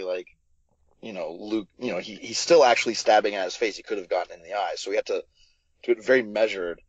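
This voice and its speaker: Male director guest, podcast interview, dry close sound, slightly dull lo-fi audio, animated with frequent restarts. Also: fairly low pitch, no echo. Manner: animated storyteller, many fillers and restarts.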